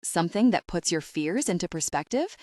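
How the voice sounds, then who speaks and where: A woman's voice: fairly low pitch, big pitch swings, brisk, mellow, no echo, studio quality. A woman voicing a firm, bossy female antenatal teacher in an audiobook. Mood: pointed. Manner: firm, instructive.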